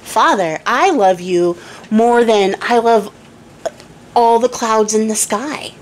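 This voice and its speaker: A woman voicing a sweet, flattering eldest princess in a told fairy tale. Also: fairly high pitch, takes it slowly.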